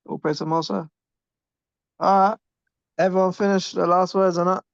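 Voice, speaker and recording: A young man hosts the call, talking fast in a gravelly, somewhat high voice and pressing others to go on. The audio is dry and dull, like a lo-fi call. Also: little pitch movement, no room sound. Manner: brisk, prompting, mimics others' voices. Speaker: class host. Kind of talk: casual call chat.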